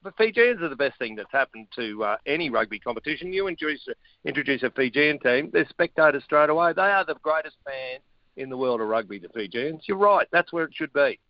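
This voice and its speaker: A middle-aged man, a former rugby player talking sport as a radio guest in a blunt, chatty, excitable way. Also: on the high side, fairly quick, no room sound, lo-fi sound. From Australia. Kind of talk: casual sports chat.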